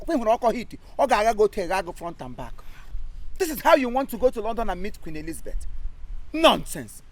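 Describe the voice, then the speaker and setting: A man's voice: very high voice, fairly bright tone, no echo, exaggerated voice. A man with a Nigerian accent playing a pompous, bossy self-styled British captain who scolds and barks commands in a comedy skit. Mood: boastful. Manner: barking commands, scolding, stammering.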